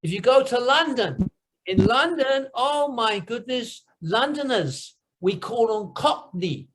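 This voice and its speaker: A British-born man talking with students in simple, slow English, mixing in Indonesian words and emphatic exclamations. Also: extremely high pitch, lively intonation, a bit bright, a little hiss or hum. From United Kingdom. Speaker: guest teacher. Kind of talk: classroom discussion. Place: classroom session.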